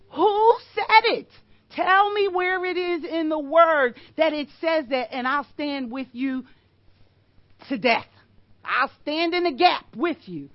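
A woman's voice: high-pitched, dry recording, highs cut off. An older woman giving a sermon, emphatic and storytelling, with rhetorical questions.

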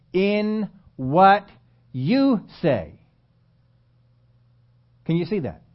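Emphatic preacher man, dull recording. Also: a little high. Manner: emphatic preaching, repeats phrases, asks the audience questions. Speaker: pastor. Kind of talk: sermon.

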